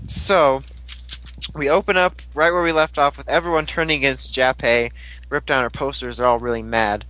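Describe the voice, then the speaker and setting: A man's voice: mid-range voice, fairly even intonation, normal speed, pushed and bright, low-quality recording. A young man recapping a TV episode in casual chat, rambling, giggly and crude, often mimicking the characters. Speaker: podcast host recapping an episode.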